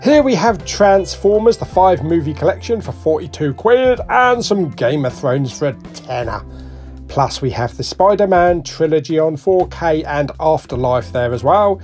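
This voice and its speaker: A British man with a fairly high voice and moderate pace films a jokey walk-through of a shop, chatting lively as he ticks off the discs' titles and prices. Faint music can be heard behind him.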